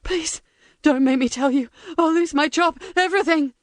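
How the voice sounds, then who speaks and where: A frightened male prison guard pleads in short, breathless bursts, as a woman narrator voices him. His voice sits high and strained, recorded close and dry. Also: normal speed, dry recording, natural voice. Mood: desperate.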